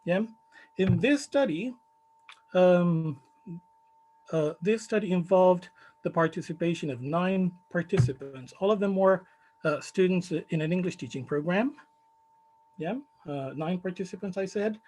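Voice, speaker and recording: High-voiced man presenting research. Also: a little mellow, low-quality recording. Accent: Chilean Spanish. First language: Spanish. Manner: measured, many fillers, stresses key words. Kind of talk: conference talk.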